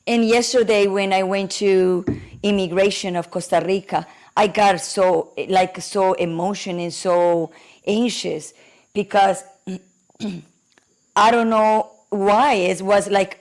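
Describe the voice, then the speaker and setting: A hoarse woman with a Colombian Spanish accent, a native Spanish speaker, talking as a podcast guest in heartfelt, emotional conversation. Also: mid-range voice, fairly even intonation, slow pace, a little mellow. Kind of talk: casual conversation.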